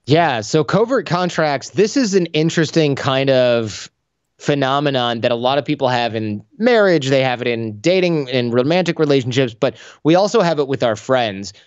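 Male podcast guest, lively storyteller, dry close sound, slightly lo-fi. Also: mid-range voice, normal speed, clean tone, no echo. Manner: animated storyteller acting out dialogue. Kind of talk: conversational interview.

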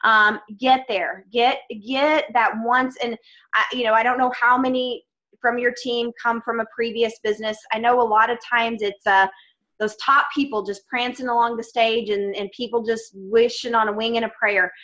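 Bright, emphatic woman on a lo-fi call. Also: on the high side, steady tone, moderate pace. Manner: emphatic, encouraging, addresses listeners as guys. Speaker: guest speaker on a team call. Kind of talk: motivational team call talk. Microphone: video call. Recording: lo-fi video call audio.

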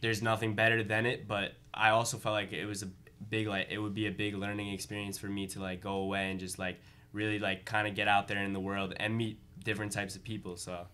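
A man's voice: on the low side, flat delivery, quick pace, sharp tone, clean tone. A young man with a Long Island accent, a college student guest speaking earnestly and filling his speech with "like" and "uh". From Long Island, New York. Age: young adult. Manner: earnest, uses many likes and uhs. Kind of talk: casual interview chat.

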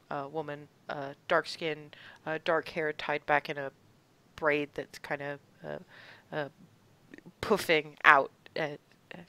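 A woman narrating a tabletop game as game master, unhurried and searching for words as she describes the scene. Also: low-pitched, sharp tone.

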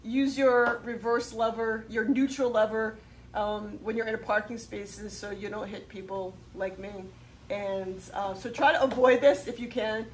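Chatty, upbeat woman with a higher voice. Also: fairly even intonation, measured pace, a little hiss or hum. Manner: upbeat and chatty, cheering when parts fit. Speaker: host of a motorcycle how-to channel. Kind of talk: casual how-to instruction.

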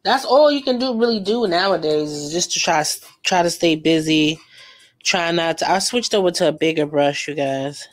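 An art vlogger paints live, her voice on the low side and her pace moderate, as she chats and gossips casually. The young woman is slangy and laughs a lot, telling her stories with animation.

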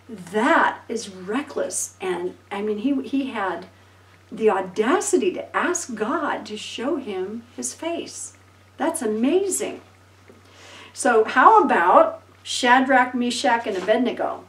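Animated woman preaching in an echoey room. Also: on the high side, slow, distant mic. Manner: animated storytelling, acting out voices and laughing. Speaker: pastor. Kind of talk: sermon.

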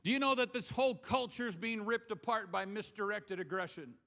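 A man's voice: sits high, brisk, gravelly, pushed and bright. A man preaching a sermon as pastor, conversational and humorous, acting out scripture scenes in his own voice.

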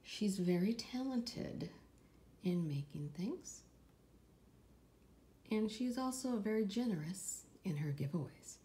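Woman from California, home unboxing vlogger, animated pitch, chatty and effusive with frequent soft asides. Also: slow, long pauses. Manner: chatty and gushing, often dropping to a soft whisper. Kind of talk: casual unboxing vlog.

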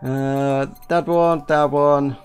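A man's voice: mid-range voice, level tone, very slow, faint music behind. Chatty man narrating a game. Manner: rambling, self-interrupting, chatty. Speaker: let's play host. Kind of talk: casual game commentary.

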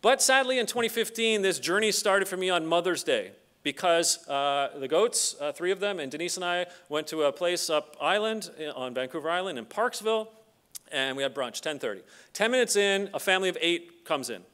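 Clear and resonant, his high voice moves fairly quickly as this middle-aged Canadian man gives a keynote at a conference. He tells stories with animation, voicing the people he quotes.

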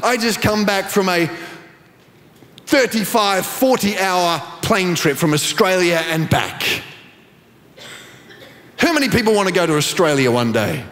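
A male pastor preaching with a high voice that leaps and dips all through his lines, falling into a sing-song cadence. Each phrase hangs in the long reverb of a big church hall. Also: a bit bright. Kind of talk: sermon. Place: large church auditorium.

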